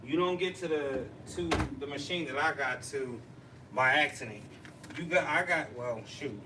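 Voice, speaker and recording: A man hosting a casual livestream chat, chatty and excitable, laughing and teasing as he talks. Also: a little high, moderate pace. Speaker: livestream host. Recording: distant mic with noisy background.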